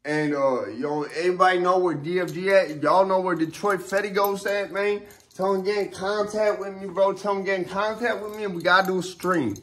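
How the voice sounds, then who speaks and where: A young man with a noticeably high voice delivers loose, rambling commentary straight to his audience. He leans hard on profane street slang and constant fillers and restarts. He grows emphatic and heated as he vents. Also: fairly even intonation, a little fast, a bit bright, a little hiss or hum. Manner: heated and emphatic when riled up. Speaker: vlogger. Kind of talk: casual ranting commentary to camera.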